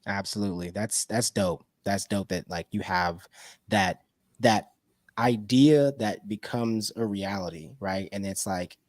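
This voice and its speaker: A man hosting a casual interview, relaxed and affirming, with loose slangy phrasing. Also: on the low side, unhurried, no echo, clean studio sound. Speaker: interview host.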